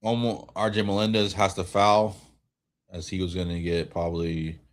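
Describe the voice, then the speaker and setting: A man streaming a watch-along, giving relaxed fan play-by-play while tired and yawning, often restarting his sentences. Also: low-pitched, normal speed. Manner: relaxed, rambling calls with frequent self-corrections. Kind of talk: casual fan play-by-play commentary.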